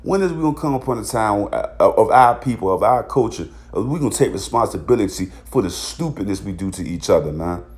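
A man's voice: lowish voice, expressive, brisk, few pauses, darkish tone. A man, ranting bluntly in a heated, profane vlog commentary. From Virginia, USA. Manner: repeats filler tags. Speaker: vlogger. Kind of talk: angry commentary monologue.

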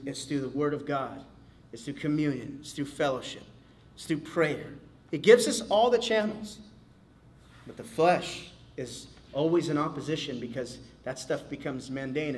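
Brief: male pastor, casual animated teacher, slightly high-pitched, loose conversational delivery. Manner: animated, casual, acts out quotes, many fillers. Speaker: pastor leading a men's Bible study.

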